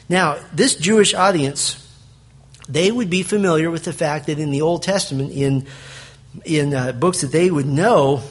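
A man's voice: a little high, breathy edge. A man preaching a sermon, reading scripture and explaining it in an emphatic, conversational way. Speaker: pastor.

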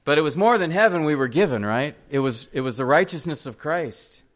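Earnest higher-voiced male pastor preaching. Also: animated, a little fast. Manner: earnest, pleading direct questions to the congregation. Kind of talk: sermon. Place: church.

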